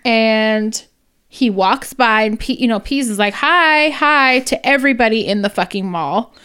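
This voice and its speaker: Woman podcast cohost, kinda high voice, talks loose and swears a lot. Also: moderate pace, smooth. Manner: chatty, swears freely, laughs while telling stories. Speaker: podcast co-host. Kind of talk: casual chat.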